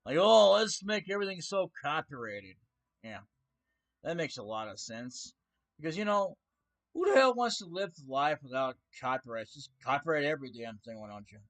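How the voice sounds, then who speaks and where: A man's voice: medium pitch, big pitch swings, moderate pace, a bit bright. A man ranting on his own stream in a casual way, sarcastic, defiant and mocking.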